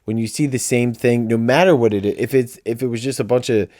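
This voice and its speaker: A man's voice: mid-range voice, steady tone, fast talker, darkish tone, dry recording, clean studio sound. A man co-hosting a podcast in casual chat, laid-back and swearing freely. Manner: laid-back, swearing, mimics voices when retelling. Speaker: podcast co-host.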